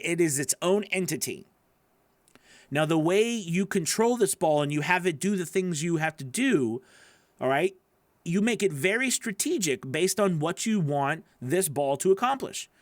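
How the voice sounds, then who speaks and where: A man's voice: on the high side, dry recording. A man coaching voice actors on a live stream, playful, laughing often and acting out silly quotes. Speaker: voice-over coach.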